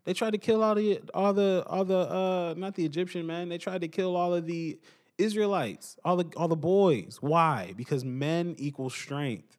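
A young man hosting a podcast, giving an animated casual opinion monologue and repeating his points for emphasis. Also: sits high, normal speed. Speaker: podcast host.

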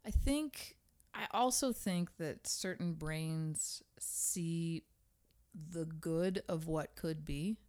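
Lively, swearing woman co-host. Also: low-pitched. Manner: animated, swears, quick laughs, rambling. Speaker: podcast co-host, teacher. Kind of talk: casual chat.

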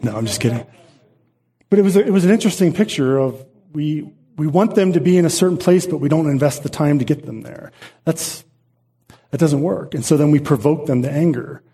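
Mellow, husky-voiced preaching man. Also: a little high, fairly quick. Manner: earnest, repetitive preaching with restarts. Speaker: pastor. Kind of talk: sermon.

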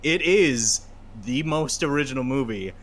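Animated, swearing man in casual podcast chat. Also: medium pitch, measured pace, a little hiss or hum. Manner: profane, laughing, animated storytelling. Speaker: podcast guest.

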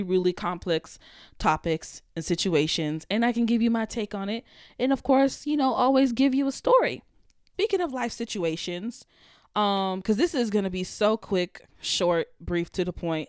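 A woman's voice: medium pitch, clean tone, dry recording, clean studio sound. A young woman hosting a solo podcast, ranting in a sassy, profane, heated way. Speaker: podcast host. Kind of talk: casual solo podcast rant.

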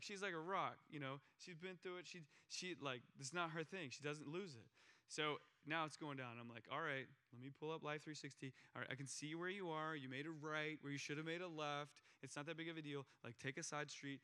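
A middle-aged man preaching a sermon, telling a personal story in a conversational way that grows excited at moments. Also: mid-range voice, smooth. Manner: conversational, with restarts and rising excitement. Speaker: pastor.

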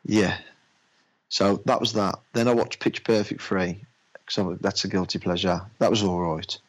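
A man's voice: sits low, fairly even intonation, rough recording. A man in casual chat about films he has watched, chatty and loose, acting out little anecdotes. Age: adult with a daughter. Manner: chatty, uses "mate", acts out anecdotes in quick voices.

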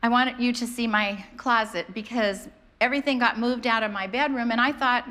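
A middle-aged woman delivers a sermon in a storytelling, conversational way. Her voice sits a little high for a woman, and she slips into other people's voices as she tells her stories. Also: moderate pace. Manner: animated, conversational, acts out quoted voices. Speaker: pastor.

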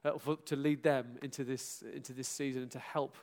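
A middle-aged pastor delivers a lively, self-deprecating farewell to his congregation, bursting into loud exclamations and laughter. His voice is medium in pitch and his pace is brisk.

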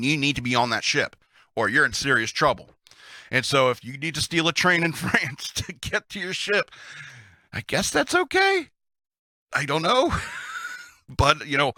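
A man's voice: mid-range voice, pushed and bright, no room sound, clean studio sound. A man hosting a casual storytelling session of Navy tales, who chuckles often and adds chatty asides. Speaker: host reading Navy stories.

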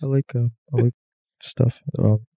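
A young man chatting casually on a comedy podcast, laughing often, swearing freely and slipping into quick silly voices. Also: medium pitch, fairly even intonation, gravelly, dry recording, highs cut off.

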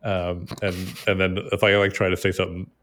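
Low-voiced dad rambling casually. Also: male voice, little pitch movement, brisk, fairly bright tone. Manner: rambling, many fillers. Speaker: podcast host. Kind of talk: casual chat.

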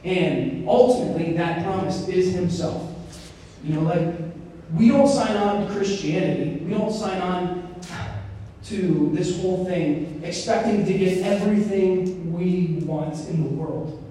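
Young guy chatting about faith, high voice, mellow tone, big echoey hall, mic kinda far. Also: a little slow, a little hiss or hum. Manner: animated storytelling with many fillers. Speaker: speaker on Christian formation. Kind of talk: casual talk.

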